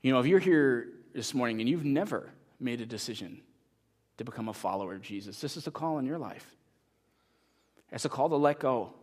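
In a fairly quick, medium-pitched voice, a pastor relates a story with lively energy. The sermon then moves into a quiet, earnest appeal to those gathered.

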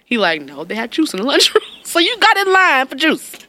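Brief: woman, thirties, casual chat host, lively storyteller with a bright, forward tone and wide pitch swings. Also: a little fast. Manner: animated storyteller, acts out quotes with big pitch jumps, swears freely.

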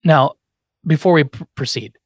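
A man's voice: fairly high pitch, normal speed, husky, no room sound. A man hosting a podcast, telling an episode's story in a casual chat, acting out quotes and swearing now and then. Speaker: podcast host.

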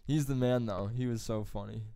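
Animated, foul-mouthed young man. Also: medium pitch, normal speed, vocal fry, clear, resonant tone, dry recording, clean studio sound. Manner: swearing, animated storyteller. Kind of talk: casual chat.

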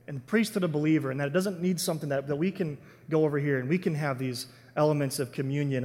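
A man preaching with eager, conversational energy, often tripping over and restarting his sentences. His voice sits fairly high for a man. It rings out with a long reverb through a church sanctuary. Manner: enthusiastic, chatty, restarts often. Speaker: pastor. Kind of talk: sermon.

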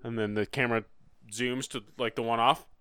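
A man co-hosting a podcast in casual chat, animated and profane, acting out movie scenes with funny voices. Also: medium pitch, a little fast, clear, resonant tone, no room sound, clean studio sound. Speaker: podcast co-host.

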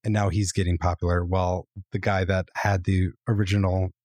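A man's voice: low voice, little pitch movement, fairly quick, darkish tone, dry recording. A man co-hosting a podcast, rambling and opinionated, full of fillers. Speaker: podcast co-host. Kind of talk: casual chat.

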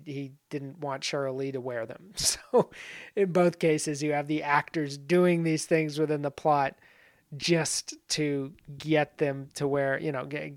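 A man's voice: on the high side, dry recording, studio quality. A man casually talking through film comparisons, rambling with many fillers and asides. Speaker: film commentary host. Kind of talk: casual spoken film analysis.

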